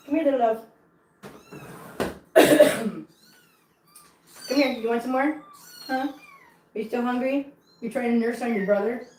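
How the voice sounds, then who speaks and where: High-voiced woman cooing at kittens in an echoey room. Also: warm tone, a little hiss or hum. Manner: coos baby talk to kittens between chatty asides to viewers. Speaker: cat channel vlogger. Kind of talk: casual vlog chat.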